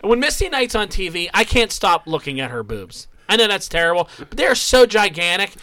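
A man in casual podcast conversation with a bright, forceful voice sitting a little high. He talks in an animated way and slips into exaggerated character voices. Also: fairly quick, dry recording. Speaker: podcast co-host. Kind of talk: casual chat.

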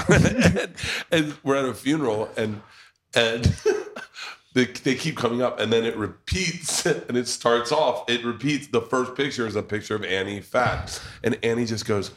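A man's voice: medium pitch, measured pace, fairly bright tone. A man hosting a podcast in a pub, telling rambling, profane family stories in casual chat. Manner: rambling storyteller, swears freely. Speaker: podcast host.

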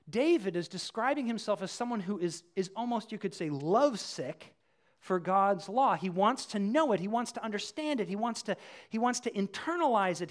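A male pastor preaching a sermon, animated, acting out little scenes with voices. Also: sits high.

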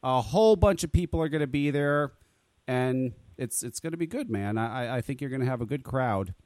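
A man's voice: mid-range voice, animated, brisk, a little mellow, no room sound, clean studio sound. A man hosting a casual talk radio show, joking and swearing, often stammering and repeating words. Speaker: podcast host.

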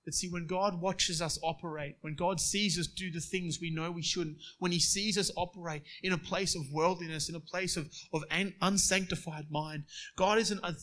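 A man preaching a sermon, moving between quiet storytelling and emphatic passages. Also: high voice.

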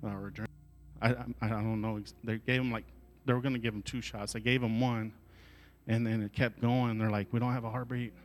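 A man's voice: fairly low pitch, little pitch movement, brisk. A male pastor delivering a sermon at a church service, telling an emotional story and moving into fervent prayer.

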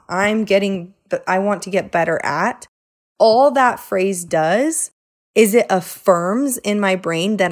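A woman hosting her own podcast, talking casually and earnestly, filling her speech with "like" and "right?". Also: on the low side. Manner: chatty and earnest, lots of "like" and "right?". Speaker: podcast host. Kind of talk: casual solo podcast monologue.

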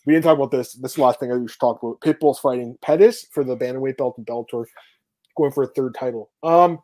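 A man hosting a casual podcast over a live video call, talking fast, cursing and laughing often. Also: mid-range voice, dark tone, no room sound. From Canada. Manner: fast, profane, laughs a lot. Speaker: podcast host.

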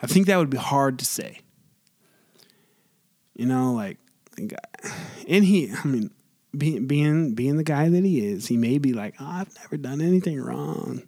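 A man's voice: medium pitch, lively intonation, measured pace, pauses often, mellow. Rambling young man hosting a podcast. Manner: rambling, lots of likes and restarts. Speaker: podcast host. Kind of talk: solo casual podcast talk.

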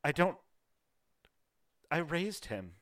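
A man's voice: on the high side, expressive, slow, voice pushed up. A man voicing a distraught noble half-elf widow, speaking formally in a raised, shaking voice. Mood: grieving.

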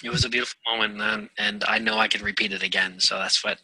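A man, a guest on a radio show, talking in an earnest, rambling way with many pauses and fillers. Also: on the low side, steady tone, pushed and bright, breathy edge, no echo, poor audio. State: getting emotional. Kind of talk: casual interview chat.

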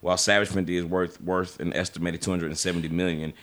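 A man's voice: deep voice, flat delivery, quick pace, a bit bright. A man hosting a podcast in casual chat, loose and stumbling over his words as he reads the segments. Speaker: podcast host.

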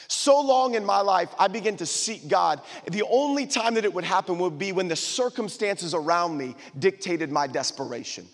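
Preaching to a live congregation in a big-room acoustic, this man has a voice that sits high. He hammers his points emphatically, repeating phrases and calling on the audience to respond.

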